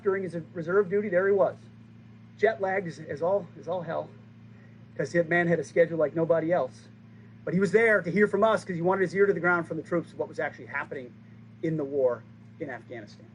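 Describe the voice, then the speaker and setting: A man in his forties giving a formal, rousing ceremony speech, stressing key lines with pauses for effect. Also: high voice, slight background noise, low-quality recording. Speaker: speaker at a base ceremony.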